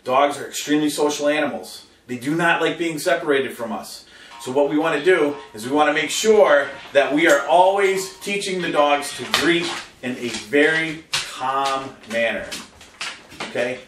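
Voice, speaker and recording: A male dog trainer giving an animated lesson to camera and checking in with listeners, often slipping into high voices to quote dog owners. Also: normal speed, slight background noise. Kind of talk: instructional talk to camera. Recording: roomy sound from a distant mic.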